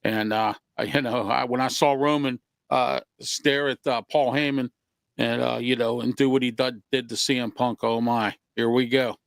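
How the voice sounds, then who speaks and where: A man chatting about wrestling on a call-in sports show, with a gravelly, fry-heavy voice. He talks haltingly, stopping often on fillers, and the sound is dry and close. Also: medium pitch, steady tone, no echo. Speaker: wrestling guest. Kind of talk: casual talk show chat.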